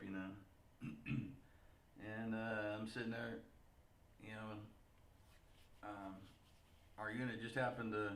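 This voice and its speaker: A male vlogger with a lowish, sharp-toned voice tells a long, rambling story to camera, laughing and saying "you know" a lot. He sounds congested and stuffed-up, and the recording is reverberant with a little hiss or hum.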